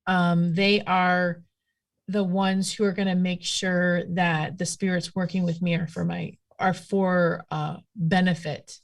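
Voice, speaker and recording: A witchcraft practitioner appearing as a guest talks slowly in a lowish voice during a relaxed conversation. Her stories come out chatty and animated, rambling along with many fillers.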